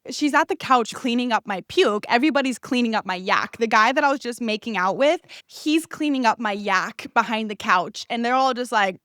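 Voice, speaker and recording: Animated young woman telling a story. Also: fairly high pitch, moderate pace, few pauses, smooth, no room sound, clean studio sound. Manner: animated, swears freely, acts out quoted voices. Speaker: podcast host. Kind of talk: casual storytelling.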